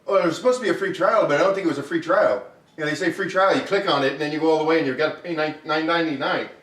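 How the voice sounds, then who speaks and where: A man's voice: fairly high pitch, racing, fairly bright tone. A man co-hosting a podcast at a home dinner table, ranting in mock indignation with stumbling restarts. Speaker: podcast co-host. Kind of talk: casual banter over dinner. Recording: echoey room, distant mic.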